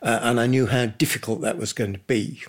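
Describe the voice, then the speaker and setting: An older man speaks in an interview, measured and halting as he holds back tears. His voice sits at an ordinary middle pitch. He chooses his words with care. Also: fairly even intonation. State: emotional, close to tears. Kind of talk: interview recollection.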